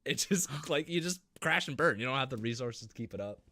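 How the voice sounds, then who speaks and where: A man co-hosting a gaming podcast, chatting casually, swearing a lot and acting out his reactions in a loud, high voice. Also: expressive, quick pace, dry recording. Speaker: podcast co-host. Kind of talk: casual chat.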